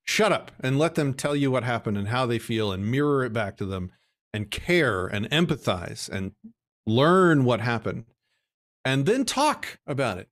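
A man's voice: mid-range voice, measured pace. Regular guy chatting about parenting, earnest and talky. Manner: earnest, explanatory, lively. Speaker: parent guest. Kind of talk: casual conversation.

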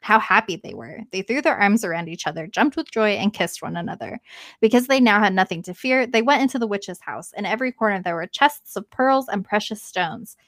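A woman's voice: medium pitch, expressive, fairly quick, fairly bright tone, dry recording. Woman reading a tale, dry close sound. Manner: reads aloud and breaks off often to joke and comment. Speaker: podcast co-host reading a fairy tale aloud. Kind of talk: casual read-aloud with banter.

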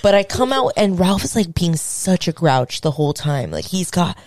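Low-voiced woman telling a story. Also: moderate pace, no room sound, studio quality. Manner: animated, swearing, acts out quotes. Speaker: podcast host. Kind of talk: casual storytelling chat.

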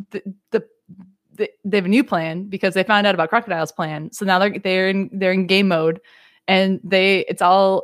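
Giggly young woman rambling a recap. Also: lowish voice. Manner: giggly, rambling, quick bursts of laughter. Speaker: podcast co-host. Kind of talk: casual chat recapping an anime.

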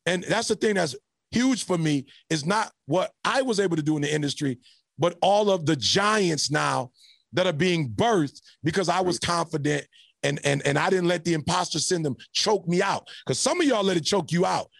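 A man telling a story as a podcast guest with preacher-like energy, building to shouts and laughing often. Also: fairly high pitch, lively intonation, moderate pace, creaky, no room sound, studio quality. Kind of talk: animated motivational storytelling.

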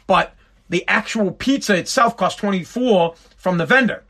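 A man's voice: sits high, moderate pace, sharp tone. A father talking straight to his viewers in a blunt, profane rant, often repeating and restarting his words. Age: adult with a school-age son. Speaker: vlogger and father. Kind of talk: casual ranting monologue to viewers.

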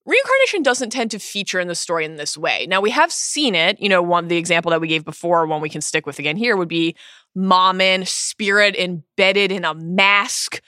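Co-host, woman, bright bubbly delivery, dry close studio sound. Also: lowish voice, expressive, dry recording. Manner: bubbly, laughs often, quick bursts. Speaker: podcast co-host. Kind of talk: casual podcast chat.

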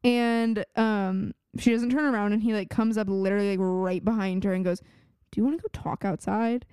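A woman's voice: mid-range voice, fairly even intonation, normal speed, mellow, smooth, no echo, studio quality. A young woman co-hosting a podcast, giggling often and chiming in with quoted lines from the show. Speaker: podcast co-host. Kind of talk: casual recap chat.

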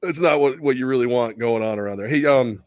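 A man co-hosting a sports talk radio show, reading ads and telling loose stories, swinging between loud and quiet and swearing casually. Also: mid-range voice, a little fast, no room sound, clean studio sound.

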